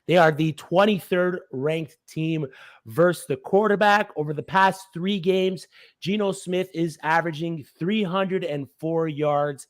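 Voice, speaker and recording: A man analysing fantasy football, reeling off statistics in a brisk, confident delivery. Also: on the high side, no room sound, studio quality. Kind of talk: fast stat-heavy sports analysis.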